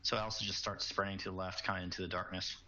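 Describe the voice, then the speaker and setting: A man's voice: sits low, flat delivery, fast, sharp tone. A man narrating as game master in a tabletop game, casual and loose with fillers. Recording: muffled lo-fi recording.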